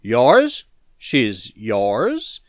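A man's voice: mid-range voice, a little fast, clear, resonant tone, no echo, clean studio sound, lightly acted. A man voicing a furious ex-patrolman mob leader. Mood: scornful. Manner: shouting, furious, demanding. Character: angry male ex-patrolman leading a mob.

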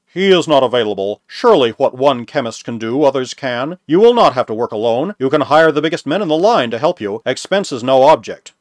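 A man reading a novel aloud, voicing a scheming male businessman who speaks smoothly and persuasively. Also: mid-range voice, expressive, brisk, no room sound, clean studio sound, natural voice. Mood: calm. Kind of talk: audiobook reading.

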